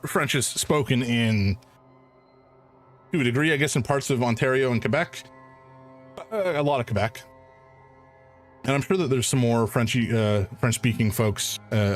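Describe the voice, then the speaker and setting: Low-voiced streamer rambling. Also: male voice. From Canada. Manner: rambling, thinking aloud. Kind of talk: let's play commentary.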